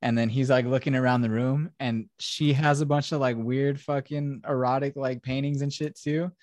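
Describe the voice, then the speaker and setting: A man's voice: mid-range voice, fairly even intonation, moderate pace, darkish tone, dry recording. A young man hosting a podcast, rambling and swearing as he retells a film plot in casual chat. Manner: profane, rambling storyteller. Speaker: podcast host.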